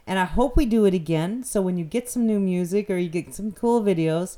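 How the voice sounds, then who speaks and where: Chatty woman radio host, mellow voice. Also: mid-range voice, fairly quick. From New Brunswick, Canada. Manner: chatty, rambling, laughs easily. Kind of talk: casual radio interview.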